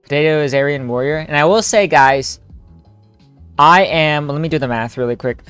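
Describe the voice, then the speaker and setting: A man's voice: fairly high pitch, moderate pace, fairly bright tone, clear, resonant tone, no room sound. A young man streaming a story game with friends, joking, laughing and rambling in casual chat. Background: faint game music.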